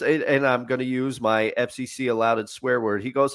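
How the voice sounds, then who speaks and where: A man's voice: medium pitch, fairly even intonation, normal speed. Rambling man in casual sports talk. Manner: rambling, restarts often, laughs at his own stories. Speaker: podcast co-host.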